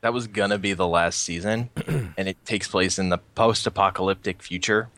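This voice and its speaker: A man's voice: deep voice, steady tone, normal speed, sharp tone, dry recording. A man co-hosting a podcast, chatting casually and rambling with frequent restarts. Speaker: podcast co-host. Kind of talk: casual chat.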